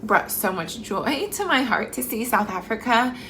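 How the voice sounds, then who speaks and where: A woman's voice: on the high side, expressive, moderate pace, vocal fry, bright, forceful tone, a little hiss or hum. A young woman vlogging to camera in a chatty, effusive way, full of fillers. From Mexican heritage. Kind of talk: casual chat to camera.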